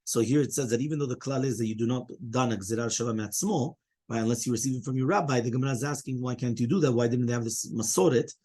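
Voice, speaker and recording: Lively and quick, a Talmud teacher keeps checking in with "okay?" and "right?" while blending Hebrew and Aramaic vocabulary into his English. He speaks at a medium pitch.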